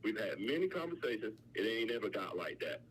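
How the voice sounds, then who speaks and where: A man's voice: fairly low pitch, big pitch swings, fairly quick, a bit bright, a little hiss or hum, rough recording. A man co-hosting a podcast, arguing defensively and repeating his points. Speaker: podcast co-host. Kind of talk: heated argument.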